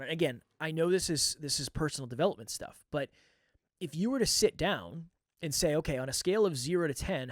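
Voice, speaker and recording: A man's voice: on the high side, no echo. A man hosting his own podcast, talking candidly and reflectively in a coaching manner into a close microphone. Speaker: podcast host. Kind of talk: reflective solo podcast talk.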